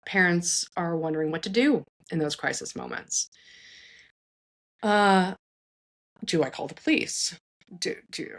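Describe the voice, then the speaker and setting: Female psychologist host, somewhat low voice; earnest, animated, casual advice with frequent self-corrections. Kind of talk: casual advice talk for parents.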